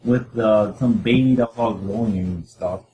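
A man co-hosting a casual podcast, speaking haltingly and often repeating words as he thinks. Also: fairly low pitch, narrow, tinny audio, a little hiss or hum. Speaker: podcast co-host. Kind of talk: casual chat.

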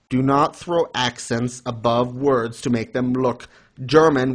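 Casual male co-host with a middle-pitched voice who lectures in a playful, mock-formal tone. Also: takes it slowly, creaky. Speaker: podcast co-host. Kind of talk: casual anime discussion.

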